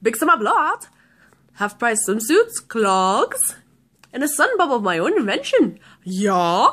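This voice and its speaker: Girl doing a super chirpy singsong shopkeeper guy, squeaky high and loud, way animated. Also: a little slow, exaggerated voice. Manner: sing-song sales pitch, very high and loud. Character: chirpy singsong male shopkeeper, overly cheerful.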